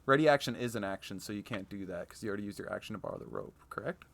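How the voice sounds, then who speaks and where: A man serving as dungeon master, talking quickly and chattily and laughing often as he runs a tabletop game. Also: lowish voice, lively intonation, vocal fry, fairly bright tone.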